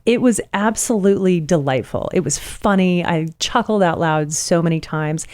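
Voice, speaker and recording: Woman, interview host, enthusiastic, low-pitched voice, dry recording. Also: normal speed, a little mellow, dry recording. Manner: enthusiastic, gushing with praise. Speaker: podcast host. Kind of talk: casual interview chat.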